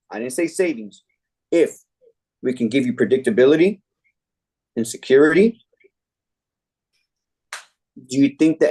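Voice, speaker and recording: A man leading a sales training meeting, telling a sales story with lively energy. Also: mid-range voice, breathy edge. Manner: energetic storytelling, acting out customer quotes. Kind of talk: team training talk.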